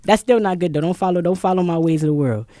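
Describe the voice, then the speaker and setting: A woman's voice: fairly low pitch, quick pace, mellow, dry recording, clean studio sound. A woman hosting a casual podcast, talking loosely with profanity and laughs. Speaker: podcast host. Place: studio round table.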